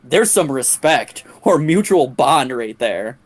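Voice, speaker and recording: A man's voice: medium pitch, very animated, slow pace. A young man streaming a game, telling a long crude story in a casual, profane, rambling way with many restarts.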